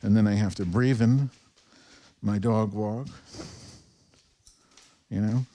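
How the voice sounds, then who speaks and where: A man's voice: lowish voice, steady tone, slow pace, dark tone. A man hosting his own podcast from home on a wireless lavalier mic. He rambles in a profane, self-deprecating solo monologue. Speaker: podcast host. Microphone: wireless lavalier transmitter.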